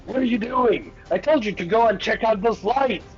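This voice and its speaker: A man's voice: high voice, moderate pace, voice pushed up, natural voice. A man voicing an impatient, bossy male human guard who barks orders and scolds, in a dull lo-fi recording with faint music. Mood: angry scolding. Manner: barking, scolding shouts.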